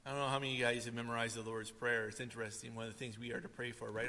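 A man preaching a sermon to a congregation, swinging between loud emphasis and soft asides. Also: mid-range voice, flat delivery, racing, long reverb tail. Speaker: pastor.

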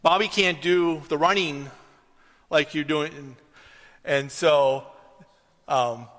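A man's voice: on the high side, fairly even intonation, slow pace, fairly bright tone. Man preaching in a reverberant church hall. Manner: conversational, rises to emphatic questions. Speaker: pastor. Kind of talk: sermon with storytelling.

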